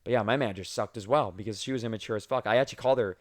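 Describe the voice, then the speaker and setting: A young man hosting a podcast, telling work stories in a casual, profane, animated way. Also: fairly low pitch, rapid-fire, dry recording, clean studio sound. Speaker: podcast host.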